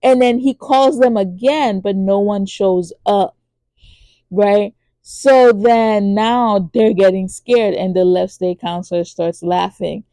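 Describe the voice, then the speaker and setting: Gravelly-voiced woman recapping a drama. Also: slow pace, no echo. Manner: animated storytelling with lots of fillers; acts out characters' lines in high voices. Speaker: podcast host reviewing a TV drama. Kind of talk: casual recap and review.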